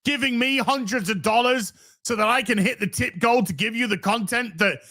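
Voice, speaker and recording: A man's voice: very high voice, normal speed, bright, forceful tone. A man hosting a commentary show, ranting sarcastically and mocking the streamer he reacts to. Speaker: commentary host.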